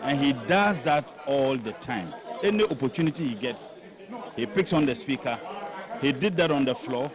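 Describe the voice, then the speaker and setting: A man with a Ghanaian accent, a politician speaking at a press conference in a deliberate, combative way. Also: medium pitch, expressive. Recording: crowd noise outdoors.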